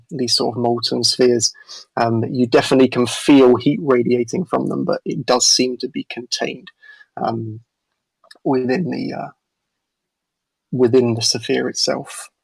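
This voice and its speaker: Male game master, tabletop narration, gravelly voice, halting delivery, dry close mic. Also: mid-range voice, dry recording, low-quality recording. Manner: halting, many fillers and restarts.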